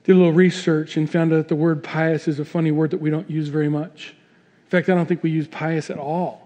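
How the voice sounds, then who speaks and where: A middle-aged male pastor preaches to his congregation in an animated, storytelling way, acting out the people in his examples. His voice sits fairly high for a man. The sound carries a long reverb from the church sanctuary. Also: fairly quick. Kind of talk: sermon.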